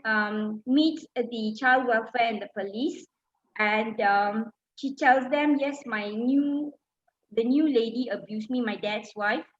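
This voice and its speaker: A middle-aged woman from Malaysia recounts her personal story in an emotional talk, hesitating often with ums and restarts. Her voice sits high, and the recording sounds dull and lo-fi. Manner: emotional, many fillers and restarts. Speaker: speaker.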